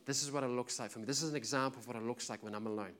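A man's voice: mid-range voice, racing, a bit bright. A man preaching a sermon with passion and emphasis, telling a story to make his point.

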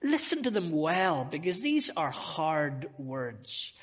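A man's voice: fairly high pitch, very animated, takes it slowly, husky. A man with a Northern Irish accent preaching a sermon as a guest speaker, opening with humorous, chatty asides. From Northern Ireland.

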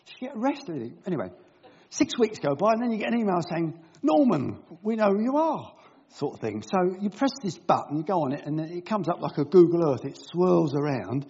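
Very animated and a little fast, this older man speaks at a gathering in a high-pitched, dark, breathy voice. He reads from the Bible, then launches into a humorous, self-deprecating talk rich with stories and voices, on a dull lo-fi recording.

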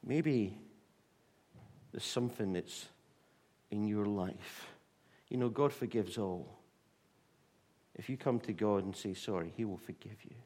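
A man preaching a sermon, telling a Bible story in a lively way with restarts and fillers. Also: on the low side, measured pace, pauses often.

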